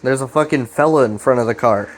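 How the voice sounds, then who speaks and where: Hosting a casual video recap, a man with a mid-range voice talks fairly quickly. He rambles in a laid-back way, swearing frequently and restarting his sentences.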